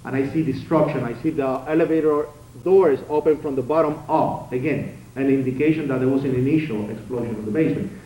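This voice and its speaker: A man's voice: medium pitch, fast, hardly any pauses. Man telling a dramatic story in an echoey hall. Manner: dramatic storytelling with sharp swings between loud outbursts and hushed passages. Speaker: conference speaker. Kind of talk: public speech, first-person testimony. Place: conference hall. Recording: very echoey hall, distant mic, faint noise.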